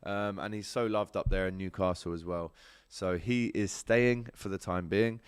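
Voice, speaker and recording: A man hosting a casual football transfer update in a smooth, lower-pitched voice. He is chatty and fills his talk with ums, speaking straight to viewers. The sound is close and dry. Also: fairly even intonation, moderate pace, no echo. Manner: chatty, lots of ums, addresses viewers directly. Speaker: sports show host. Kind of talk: casual transfer news chat with viewer comments.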